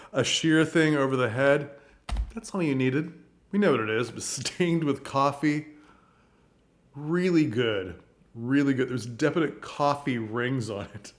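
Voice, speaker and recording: A man talking casually to camera as a theater commentator, chatty and chuckling between points. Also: medium pitch.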